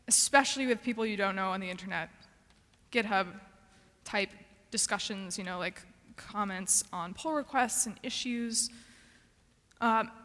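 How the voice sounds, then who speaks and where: A woman's voice: fairly high pitch, bright, forceful tone, big-room sound. A woman giving a practical, earnest conference talk with frequent ums and restarts. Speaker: conference speaker.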